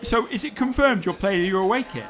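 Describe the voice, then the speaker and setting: A high-pitched man keeps a brisk pace and a lively tone as he hosts a live match watch-along over a loud crowd. He banters chattily and exclaims whenever something big happens in the game.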